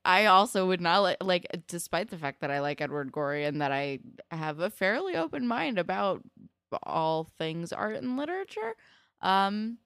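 A young woman talks through a TV episode in a loose, chatty way, dropping casual swears and mimicking characters. Her voice sits low and smooth. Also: sing-song, normal speed, fairly bright tone, no echo, clean studio sound. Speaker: podcast co-host. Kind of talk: casual TV recap chat.

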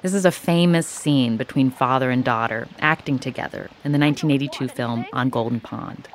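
Low-voiced woman, podcast host. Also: brisk. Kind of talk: interviewing and scripted narration.

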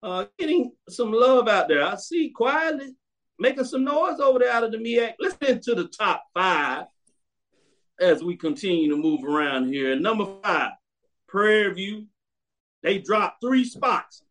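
A man with a bright, high-pitched voice runs a sports show in loose, opinionated commentary. He is blunt and emphatic, stacking up short commands to make his point. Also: lively intonation, a little slow.

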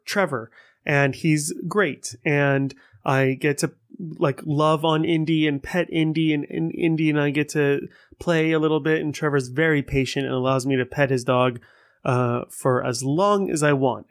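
Rambling, swearing male podcaster. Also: a little high. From Persian heritage. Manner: rambling, profane, animated storytelling. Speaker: podcast host. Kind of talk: casual solo podcast monologue.

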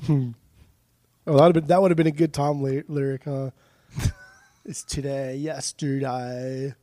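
Goofy young man, warm dry voice. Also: a little high, fairly even intonation, normal speed, dry recording. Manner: goofy, laughs often, rambling riffs. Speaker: podcast co-host. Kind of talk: casual chat.

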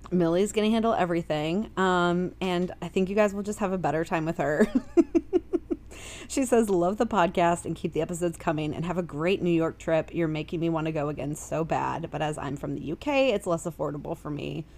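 Her voice sits on the low side, a little mellow, and she speaks fairly quickly. Co-hosting a podcast in a relaxed chat, she giggles and laughs a lot as she goes through messages from listeners.

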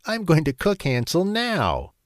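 Shrill cackling storybook witch, old and wicked, played by a male narrator, dry close sound. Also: huge pitch swings, a little slow, no echo. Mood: greedy. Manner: shrill, screeching. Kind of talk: storybook reading.

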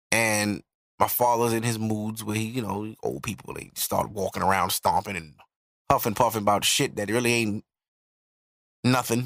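A man's voice: on the low side, dry recording, studio quality. A man in his thirties, a podcast host, telling a personal story in a blunt, profane, reflective way. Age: 30s. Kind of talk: casual storytelling.

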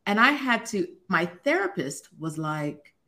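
A woman around forty, a podcast guest, telling a personal story in a casual, animated way and laughing often. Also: mid-range voice, unhurried. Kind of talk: casual conversation.

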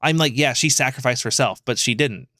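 A man on a casual podcast, chatting in a loose, rambling and animated way, tripping over fillers and dropping swear words. His voice sits at an ordinary middle pitch, and it is recorded close and dry with almost no room sound. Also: brisk, no room sound. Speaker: podcast co-host.

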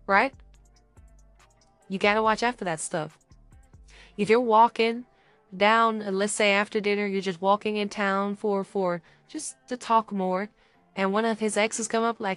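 Lively young woman giving dating advice. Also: mid-range voice, a little slow, pauses often, no echo, faint music behind. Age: young adult. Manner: animated, acts out little scenes with quoted voices. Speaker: podcast co-host. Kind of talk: casual podcast chat, giving dating advice.

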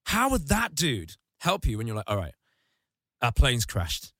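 A man's voice: medium pitch, huge pitch swings, unhurried, vocal fry, a bit bright, dry recording. Sardonic man ranting comedically. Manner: sardonic, crude, rants with vivid insults. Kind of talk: casual comedic chat.

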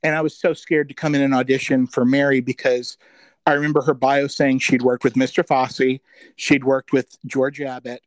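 A man's voice: medium pitch, no room sound, poor audio. A middle-aged man as a podcast guest, reminiscing in casual chat, rambling with many fillers and joking at his own expense. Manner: chatty, rambling, full of 'um' fillers; self-deprecating, quick to joke.

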